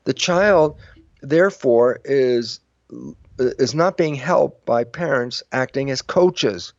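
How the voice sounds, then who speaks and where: A man's voice: medium pitch, slow, dry recording. An older man, a guest on an interview show, explaining at length and acting out both sides of imagined conversations. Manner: acts out both sides of his own dialogues, shifting voice for quoted speakers. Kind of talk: animated interview talk. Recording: dry, muffled lo-fi sound.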